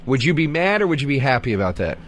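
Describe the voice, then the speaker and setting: A man co-hosting a call-in radio show, animated and mocking in his banter. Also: medium pitch, fast talker, a little hiss or hum.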